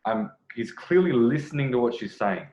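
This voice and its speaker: A man's voice: medium pitch, expressive, normal speed, a little mellow. A man commenting on a video clip as a dating coach, rambling, correcting himself and repeating phrases. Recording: echoey room, dull lo-fi sound.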